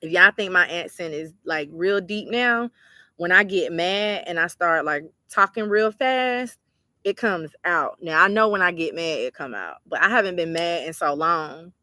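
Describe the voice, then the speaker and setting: Chatty woman with a bright voice. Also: lowish voice, moderate pace, no room sound, clean studio sound. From Georgia, US. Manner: chatty, relaxed, talks straight to the viewers as y'all. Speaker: livestream host and tarot reader. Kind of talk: casual livestream chat reading viewer comments.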